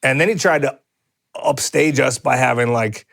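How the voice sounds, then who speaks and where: A man's voice: medium pitch, moderate pace, vocal fry, a bit bright. A man co-hosting a podcast in a studio, rambling in casual chat with many restarts and fillers. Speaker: podcast co-host.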